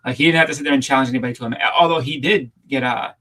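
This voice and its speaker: A man's voice: mid-range voice, rapid-fire, fairly bright tone, low-quality recording. A man chatting casually on a livestream panel, telling long rambling stories full of restarts and fillers. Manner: rambling storyteller with many restarts. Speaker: panel co-host. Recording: home setup over a livestream.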